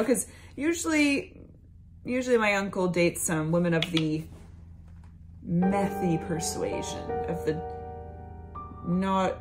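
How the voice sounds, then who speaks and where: A woman comedian telling a story in a sassy, campy way, stretching words out for emphasis. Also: on the low side. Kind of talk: storytelling stand-up. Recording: music playing behind.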